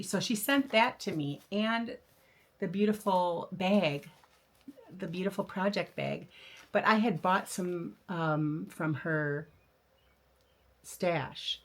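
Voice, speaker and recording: A woman's voice: on the low side, fairly bright tone. An older woman hosting a craft video, chatting casually and enthusiastically about her new patterns, with frequent fillers and restarts. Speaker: flosstube host. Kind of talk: casual show-and-tell chat.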